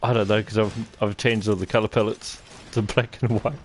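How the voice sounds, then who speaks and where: A man chatting and joking with friends while playing a game, excitable and playful. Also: fairly low pitch, fairly quick, faint music behind. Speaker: gamer on a stream. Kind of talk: casual chat while gaming.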